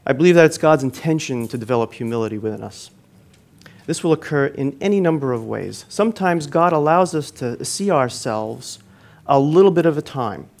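An earnest male preacher mixes teaching with a personal story told from the pulpit. His voice sits in an ordinary middle pitch, lifting and pushing louder at the start of phrases, then dropping soft at their close. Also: lively intonation, normal speed, vocal fry. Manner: earnest storytelling, swells then drops to quiet endings.

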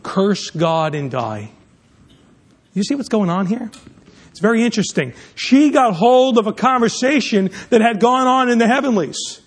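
A man's voice: very high voice, normal speed, breathy edge. A man preaching a sermon, emphatic, often restarting and repeating words mid-sentence.

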